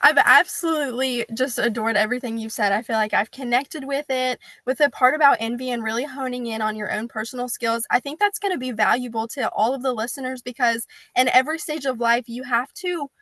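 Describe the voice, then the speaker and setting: A woman's voice: a little high, brisk, hardly any pauses, fairly bright tone, no room sound. A woman hosting a podcast interview, asking questions with enthusiasm. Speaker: podcast host.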